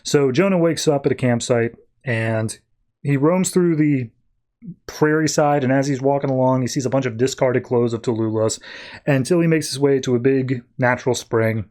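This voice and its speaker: On a podcast, a man with a mid-range, slightly mellow voice casually sums up a comic book plot. He rambles, leaning on lots of filler words and tossing in quick offhand quotes.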